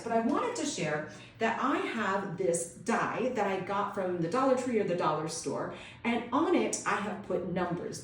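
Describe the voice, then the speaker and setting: A woman's voice: mid-range voice, slight background noise. Upbeat woman tutor, instructional video, very echoey room, mic at a distance. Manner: upbeat, enthusiastic explaining. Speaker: homeschool co-op tutor.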